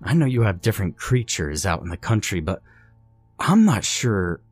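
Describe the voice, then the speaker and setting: A man's voice: fairly low pitch, big pitch swings, moderate pace, husky, no echo, soft background music. A man voicing a frightened young friend in a horror story, talking in a hesitant, trembling way.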